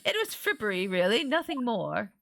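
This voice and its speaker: A woman's voice: on the high side, very animated, normal speed, gravelly, fairly bright tone, slight background noise, exaggerated voice. Woman doing a prim genteel lady. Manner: prim, polite. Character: genteel well-off married lady, refined and worried.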